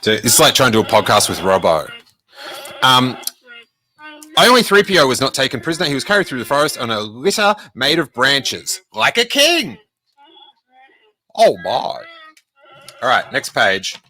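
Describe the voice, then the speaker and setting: A podcast host reading a children's book aloud, jokey and animated, breaking in to do character voices and make asides. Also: male voice, mid-range voice, a little fast. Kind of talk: casual read-aloud with commentary.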